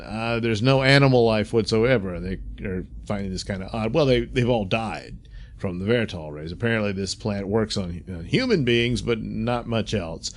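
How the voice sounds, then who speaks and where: A man casually recapping and reviewing a TV episode, chatty, with frequent laughs and fillers. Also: mid-range voice. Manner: chatty, laughs often, many fillers, quick voice impressions. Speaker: reviewer, host.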